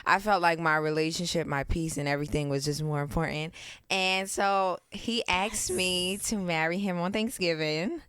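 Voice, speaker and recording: A young woman co-hosting a podcast in relaxed, slang-filled chat, open and heartfelt as she talks. Her voice sits a little low and comes through smooth and clear. The sound is dry and close to the mic. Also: moderate pace, no echo. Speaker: podcast co-host. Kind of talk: casual chat. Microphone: podcast mic on camera.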